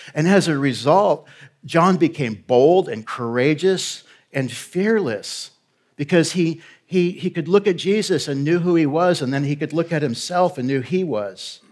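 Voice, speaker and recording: A man preaching a sermon as a guest pastor. He is direct and conversational, often checking in with the congregation as he urges them on. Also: medium pitch. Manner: emphatic, urging.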